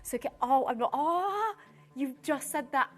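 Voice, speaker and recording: A woman's voice: high voice, animated, a little slow, fairly bright tone. A woman presenting live on a TV shopping channel, chatty, giggly and easily flustered, talking straight to viewers. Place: TV studio.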